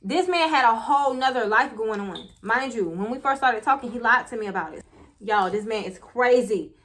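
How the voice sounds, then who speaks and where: High bright-voiced woman telling a story. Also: normal speed. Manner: animated, laughs often, talks straight to viewers. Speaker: storyteller vlogger. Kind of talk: casual storytime while doing makeup.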